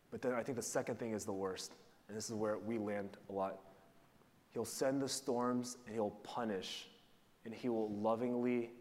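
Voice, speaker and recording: A man's voice: fairly low pitch, darkish tone. A man giving a sermon as pastor, preaching in a conversational way and putting questions to the congregation. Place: church sanctuary. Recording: long reverb of a large hall.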